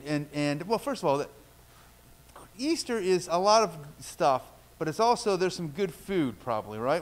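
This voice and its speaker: A man leading a children's story in church, playfully asking the kids questions and telling a story. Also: a little high. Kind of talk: children's sermon. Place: church sanctuary.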